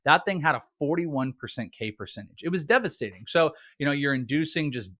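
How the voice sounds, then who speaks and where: A man co-hosting a fantasy baseball chat, reeling off stats in a quick, animated way. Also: on the high side, no echo, clean studio sound. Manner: stat-heavy, quick and animated. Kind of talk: casual analytical chat.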